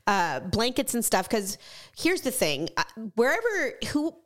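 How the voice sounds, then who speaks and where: A middle-aged woman chatting casually, quick to tease and joke with her co-host. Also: fairly high pitch, sing-song. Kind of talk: casual chat.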